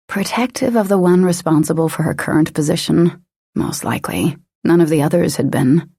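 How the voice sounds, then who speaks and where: A woman narrating an audiobook in a steady, measured reading. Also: sits low, creaky, husky, no echo, clean studio sound. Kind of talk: scripted narration.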